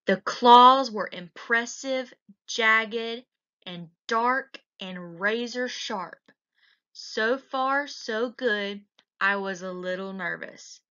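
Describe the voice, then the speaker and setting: Teacher, woman, picture-book read-aloud; slow and bright, lo-fi sound. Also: a little high. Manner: slow and expressive. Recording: dull lo-fi recording.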